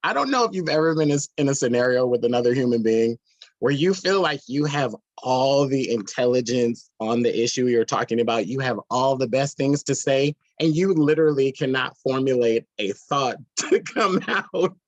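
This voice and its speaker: A man's voice: medium pitch, expressive, moderate pace, highs cut off. A man co-hosting a podcast, talking casually and laughing a lot as he teases and interrupts. His voice sits mid-range and sounds dry and close, with no room echo at all. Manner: laughs often, interrupts, teasing. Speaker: podcast co-host. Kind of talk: casual chat.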